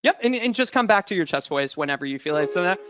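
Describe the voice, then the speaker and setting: A man's voice: on the high side, sing-song, fast, dull audio. A man coaching a singer in a webinar, encouraging and demonstrating notes as he talks. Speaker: vocal coach.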